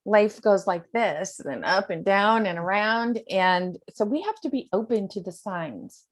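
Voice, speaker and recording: A woman's voice: mid-range voice, lively intonation, unhurried. Earnest, rambling American woman coach on a video call. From United States. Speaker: spiritual coach, host. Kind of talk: spiritual talk on a video call.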